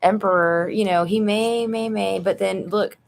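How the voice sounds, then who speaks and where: A woman doing a live tarot reading at home, speaking into her phone. Her mid-range voice has a strong vocal fry running through it. She talks bluntly and casually, as if chatting with a close friend. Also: mid-range voice, steady tone, a little slow. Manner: blunt, chatty, addresses viewer as "girl". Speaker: tarot reader. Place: apartment room at home.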